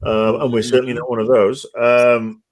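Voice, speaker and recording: A man's voice: mid-range voice, flat delivery, normal speed. Sarcastic rambling male podcast host. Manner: rambling, sarcastic, swears freely, many fillers. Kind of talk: casual podcast discussion.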